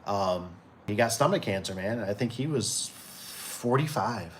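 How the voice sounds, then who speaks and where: There's a little hiss or hum as a man in his forties, lowish-voiced, expressive and unhurried, hosts a casual livestream for his door and gate business. He rambles easily, reads viewer comments aloud, and uses many fillers and restarts.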